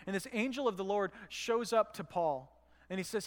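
Male pastor, high voice, chatty sermon delivery, long church reverb. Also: moderate pace. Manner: conversational, storytelling with acted quotes.

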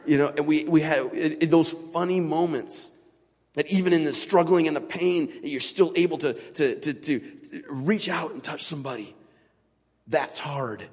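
A man with a slightly husky, breathy voice preaches informally to a church congregation, loose and conversational rather than polished. His voice carries a long reverb that rings through the large sanctuary. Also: fairly high pitch, moderate pace, a little mellow. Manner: casual, conversational, plain-spoken. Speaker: guest speaker at a church. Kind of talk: informal sermon.

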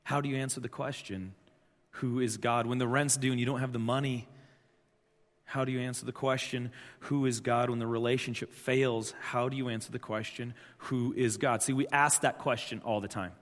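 Speaking a little fast, this thirtysomething pastor has a medium-pitched, steady voice that's a bit bright. His church sermon is conversational yet emphatic, driving points home through repetition amid long hall reverb.

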